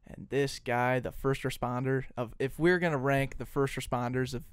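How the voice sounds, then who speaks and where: A young man co-hosting a podcast in casual chat, telling a story with lively acted-out phone calls. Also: medium pitch, moderate pace, smooth, dry recording. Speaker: podcast co-host.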